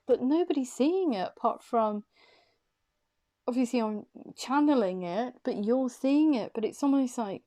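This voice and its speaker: A woman's voice: fairly high pitch, lively intonation, measured pace, warm tone. Breathless woman giving a tarot reading. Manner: hesitant, repeating questions to her cards. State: short of breath. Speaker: tarot reader.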